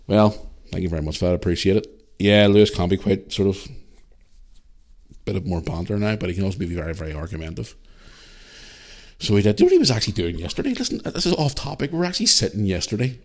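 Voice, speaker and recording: A man's voice: deep voice, animated, fast, long pauses, darkish tone. A middle-aged man with a Northern Irish accent, hosting a casual solo podcast and chatting loosely as he reads out listener messages. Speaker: podcast host.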